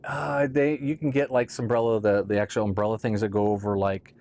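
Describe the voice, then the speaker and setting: A man's voice: lowish voice, flat delivery, brisk, a little mellow. A man casually explaining boat gear in a conversational how-to talk, often checking in with "right?". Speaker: boat owner explaining boat tops.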